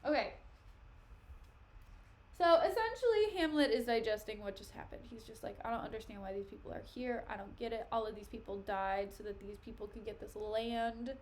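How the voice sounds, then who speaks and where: A young woman streamer with a voice on the high side reads a play aloud at a moderate pace, stopping for chatty asides that explain it. She says "like" and "okay" a lot, and there is slight background noise.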